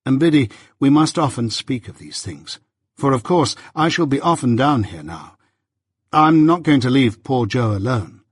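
A man reading an audiobook, voicing a proud, touchy young gentleman who speaks with self-righteous indignation. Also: medium pitch, expressive, moderate pace, breathy edge, no room sound, clean studio sound. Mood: indignant.

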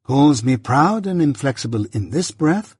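A man's voice: medium pitch, big pitch swings, unhurried, a little mellow, breathy edge, no echo, studio quality. A man voicing a proud, cold young woman who answers in a clipped, scornful, aloof way, read as part of an audiobook. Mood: disdainful. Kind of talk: audiobook character reading.

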